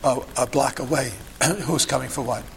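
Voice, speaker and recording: A man's voice: medium pitch, steady tone, moderate pace, gravelly, slight background noise, low-quality recording. A man giving an instructional talk to a group as a sidewalk counselor, emphatic and full of rhetorical questions and checks like "okay?" and "see?".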